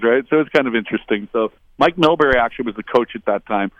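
A man's voice: quick pace, dry recording, muffled recording. A middle-aged man, a former hockey player, telling long casual anecdotes, rambling and quoting others. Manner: rambling anecdotal, quotes others in higher voices. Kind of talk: casual storytelling.

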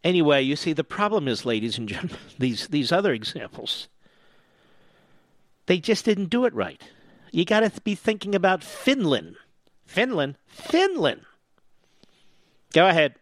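A man's voice: a little high, sing-song, normal speed, dry recording. A man hosting a talk radio show, delivering a sarcastic, mocking and combative opinion monologue into a studio microphone. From US East Coast.

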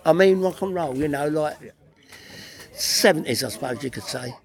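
A man's voice: fairly high pitch, moderate pace, gravelly. An older man from England, rambling bluntly and swearing freely as he reminisces in an interview. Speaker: interviewee, veteran singer. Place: busy convention venue. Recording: loud music behind the voice.

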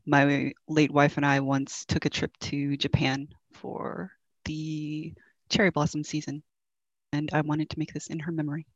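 A man voicing a gentle older woman baker, speaking softly and tenderly. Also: fairly high pitch, monotone, unhurried, no room sound. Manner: soft, quiet and tender. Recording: dull dry lo-fi mic.

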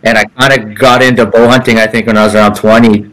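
A man's voice: on the low side, level tone, fast talker, fairly bright tone, poor audio. A man hosting a casual chat, asking rambling, laid-back questions. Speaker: podcast host.

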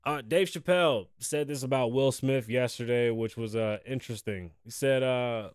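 A man hosting a podcast in casual chat, blunt and profane, shifting between low, weary venting and loud, hyped bursts. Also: normal speed, hardly any pauses, clear, resonant tone, no room sound, studio quality. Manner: profane, blunt and frank, slangy. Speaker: podcast host.

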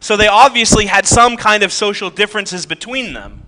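A man with a very bright, forceful tone and a somewhat raised pitch preaches a casual sermon. He moves between reading scripture aloud and easygoing asides, tossing in jokes and rhetorical questions to his listeners. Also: lively intonation, normal speed. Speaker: pastor.

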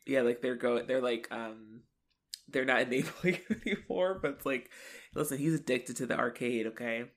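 Woman, deep voice, casual podcast banter, animated, swears a bit. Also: moderate pace. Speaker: podcast co-host. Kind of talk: casual chat recapping a TV episode.

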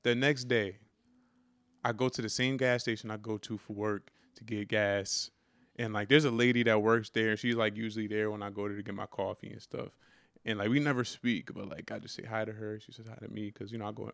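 A man's voice: fairly low pitch, level tone, brisk, gravelly, a bit bright, no room sound. A man co-hosting a podcast, telling a story, full of "like" and "right?". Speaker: podcast co-host. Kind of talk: casual storytelling chat.

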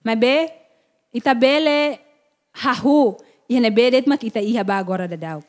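A woman's voice: on the high side, normal speed, darkish tone. A woman interpreting a sermon phrase by phrase, mixing in Portuguese words as she goes.

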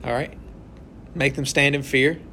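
A man's voice: mid-range voice, fairly even intonation, a little slow, sharp tone, a little hiss or hum. A man leading an interactive Bible study, talking conversationally, often tagging his points with "right?" and acting out little scenes. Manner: conversational, asks the group questions; tags sentences with "right?".

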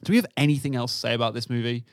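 A man's voice: mid-range voice, racing, no room sound. Man, podcast co-host, casual film chat, laughs a lot, dry close sound. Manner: chatty, laughs often between remarks.

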